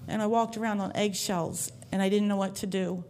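A woman's voice: medium pitch, fairly even intonation, fairly quick, a little mellow, a little hiss or hum. Woman telling her testimony up front at church, sincere and open, ordinary mid voice. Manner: earnest, heartfelt storytelling. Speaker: church member giving testimony. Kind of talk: personal faith testimony to a congregation.

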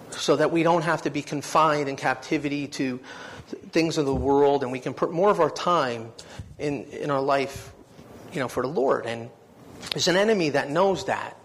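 With slight background noise behind him, a preacher whose voice sits on the high side shares his personal testimony. His sermon is earnest and heartfelt, rising with emotion.

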